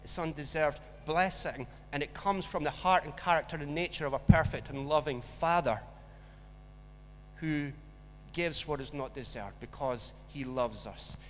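This man's voice is on the high side and a little slow, with slight background noise in the recording. As a pastor preaching in a church hall with long reverb, he tells a school story animatedly, voicing the people in it.

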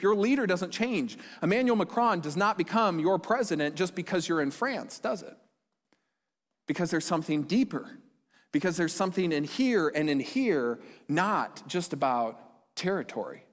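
Pastor preaching in echoey hall. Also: male voice, fairly high pitch. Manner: conversational, with quick asides and checks to the audience. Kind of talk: sermon. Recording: long reverb of a large hall.

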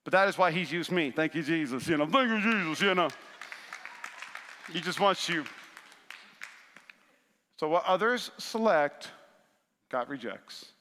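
A high, bright male preacher delivers a sermon in a big church hall, his voice ringing with a long reverb. He swings between quiet, measured lines and surging passages, drawing responses from the congregation. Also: animated, a faint crowd, a little hiss or hum. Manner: preaching with rising bursts of intensity and call-and-response to the congregation. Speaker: pastor. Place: large church sanctuary.

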